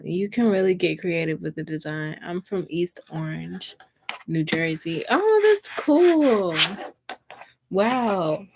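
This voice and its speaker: A woman's voice: on the low side, noisy background. A young adult woman from Mississippi with a Southern US accent, chatting casually with viewers on a crafting livestream and answering their comments.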